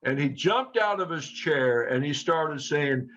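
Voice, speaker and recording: A man's voice: fairly high pitch, takes it slowly. A middle-aged man telling a personal story earnestly to a group as a trainer. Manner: earnest, quotes people in lively tones. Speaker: co-founder and trainer. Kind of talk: storytelling talk. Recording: dull lo-fi sound.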